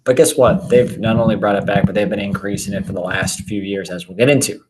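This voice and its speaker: A man co-hosting a dividend investing show in casual chat, energetic and jokey, talking straight to viewers. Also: lowish voice, fast talker, heavy background noise.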